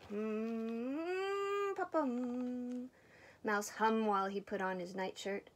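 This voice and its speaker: A woman's voice: medium pitch, moderate pace. Older woman reading a bedtime story. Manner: expressive, drops to soft whispers. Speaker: storybook reader. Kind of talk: reading a picture book aloud.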